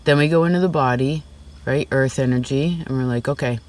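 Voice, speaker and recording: A man's voice: medium pitch, brisk, a little mellow. A man giving a casual tarot reading, talking in a rambling, chatty way full of "like" and "right?". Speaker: tarot reader. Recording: slightly distant mic.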